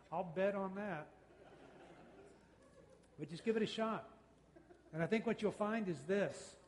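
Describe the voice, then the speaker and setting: Man, parenting talk, slightly high voice, long hall reverb, folksy, acted-out dialogue. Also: slight background noise. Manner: folksy, uses quoted dialogue and quick mock exchanges. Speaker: speaker on parenting, radio host and counselor.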